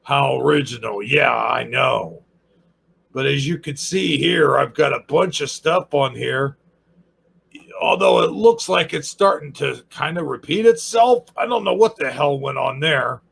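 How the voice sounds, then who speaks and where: Man, casual review host, sarcastic, rambling, very gravelly and husky voice, slow talk. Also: mid-range voice, fairly bright tone. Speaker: channel host reviewing YouTube channels.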